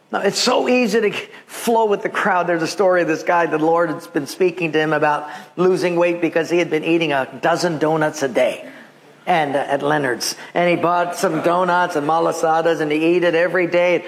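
A man's voice: a little high, fairly quick. A man preaching a sermon in a church, telling stories and acting out the people in them. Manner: animated, acts out voices and quotes, laughs with the congregation. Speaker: pastor. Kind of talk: sermon with storytelling. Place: church with a live congregation.

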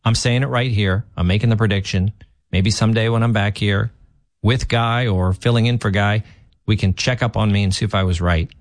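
A man's voice: lowish voice, steady tone, fairly quick, dry recording, studio quality. A man filling in as a talk radio host, giving opinionated political commentary with emphatic, restarting delivery.

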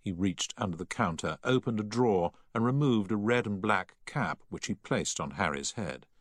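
An audiobook reader, a man with a voice on the low side, narrates a story in a measured, expressive way. The recording is dry, with clean studio sound.

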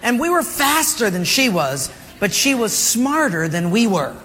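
A man's voice: extremely high pitch, very animated, measured pace, sharp tone, husky. A man preaching a sermon as a pastor, telling jokey stories and laughing along with them. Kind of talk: humorous sermon storytelling. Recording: long hall reverb, faint background noise.

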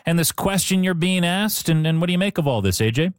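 Male call-in host, quick, slightly high voice, dry studio mic. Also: lively intonation, clean tone, no echo. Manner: quick, interjecting. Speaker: radio host. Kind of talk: call-in radio hosting.

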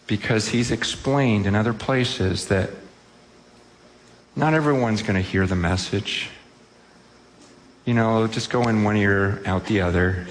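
A man's voice: medium pitch, a little slow, long reverb tail, slight background noise. A man preaching a sermon to a congregation in a church, speaking earnestly and with emphasis. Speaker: pastor. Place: church hall with a live audience.

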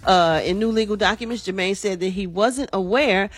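A woman's voice: mid-range voice, normal speed. A woman hosting a chatty morning radio entertainment segment. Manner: chatty, laughs easily, casual asides. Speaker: entertainment news host.

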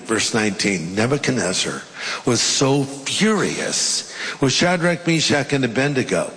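A man's voice: on the high side, fairly bright tone. A middle-aged man, a pastor, preaching a sermon and reading scripture aloud with emphatic, dramatic delivery. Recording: long reverb of a large hall.

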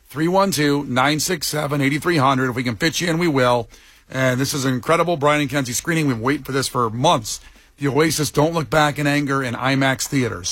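A man hosting a morning radio show, upbeat and quick, reading out promos and traffic. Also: medium pitch, a bit bright, breathy edge, no echo. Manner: upbeat, quick, reads phone numbers and traffic. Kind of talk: morning radio banter and announcements.

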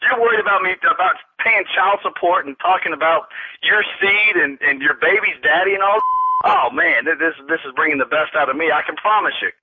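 A man's voice: on the high side, a little fast, slightly rough. A man on a phone call, exasperated and laughing in disbelief at what he is told. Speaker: prank call target.

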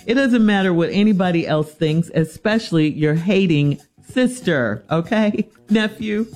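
A woman's voice: lowish voice, expressive, moderate pace, a little mellow. Sassy woman hosting an advice show. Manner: incredulous, sassy. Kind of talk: reading a letter then casual advice.

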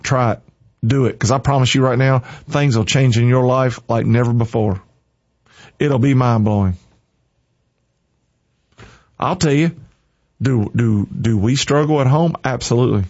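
A man's voice: mid-range voice, darkish tone. A man preaching an informal sermon with fervent, punchy, repeated exhortations. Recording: slightly dull lo-fi recording.

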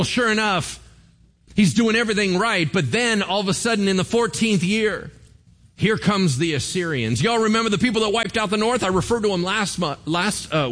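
A man preaching a sermon as pastor, telling the story with animated flair and acting out the characters' lines. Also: mid-range voice.

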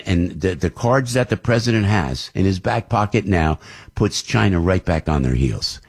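A man's voice: low voice, a little mellow, slightly rough. An older man, a radio host telling a long rambling story with many restarts. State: under the weather.

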